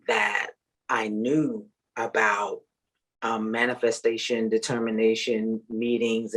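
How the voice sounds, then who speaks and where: A woman who works as a parent advocate, talking in a measured way with many fillers. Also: very deep voice, breathy edge, poor audio. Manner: measured, full of "um" and "you know". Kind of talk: casual chat.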